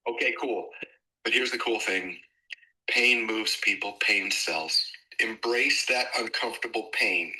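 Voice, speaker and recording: A man's voice: medium pitch, measured pace, bright, forceful tone, poor audio. A man on an online group call giving blunt, punchy business coaching advice.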